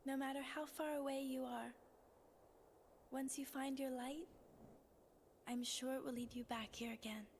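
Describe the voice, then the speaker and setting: A woman voicing a gentle, hopeful young woman in a video game cutscene, speaking softly. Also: high-pitched, steady tone, moderate pace, long pauses, slight background noise. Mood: tender.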